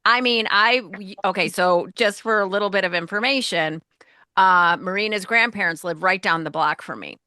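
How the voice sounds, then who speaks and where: A woman's voice: medium pitch, normal speed, bright, forceful tone, smooth, no echo, studio quality. A woman from Chicago, a podcast co-host, asking a guest questions and filling in background. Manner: asks guiding questions, gives background. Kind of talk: interview conversation.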